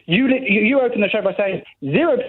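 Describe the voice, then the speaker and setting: A man's voice: sits high, animated, quick pace. A man calling into a radio show, agitated and stammering, repeating words as he argues. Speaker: caller. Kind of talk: radio phone-in call. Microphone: phone line. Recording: tinny phone line.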